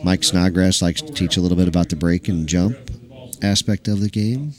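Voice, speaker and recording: A man's voice: low-pitched, moderate pace, darkish tone. A man who runs a small pool club, telling a story in loose, chatty talk full of fillers and the odd swear word. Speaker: pool hall owner and stream host. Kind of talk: casual rambling storytelling. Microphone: live stream mic. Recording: crowd noise of a pool hall. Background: chatter of pool players.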